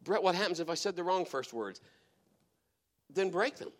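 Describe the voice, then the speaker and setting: A middle-aged man preaching a sermon, telling stories and swinging between hushed, quiet passages and loud, emphatic exhortation. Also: high-pitched, animated, moderate pace. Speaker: pastor.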